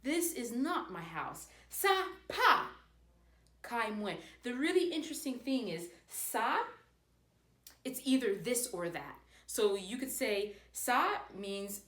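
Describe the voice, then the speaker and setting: A woman giving a casual language lesson, modeling phrases slowly and carefully. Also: fairly high pitch, sing-song, a bit bright. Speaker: language teacher. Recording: echoey room.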